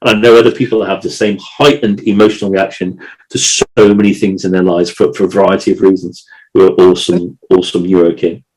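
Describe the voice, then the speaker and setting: A man's voice: low voice, flat delivery, fast, darkish tone, rough recording. A man co-hosting a podcast, talking in an emotional, rambling way with many restarts and repeated words. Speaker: podcast co-host. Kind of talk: casual chat.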